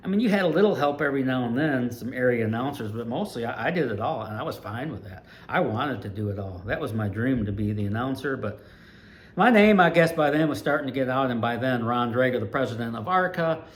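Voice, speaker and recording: A man in his sixties from Ohio, an animated storyteller recalling his years as a race announcer. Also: medium pitch, fast. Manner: animated, lively storyteller with big swings in loudness. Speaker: retired dirt track race announcer, channel host.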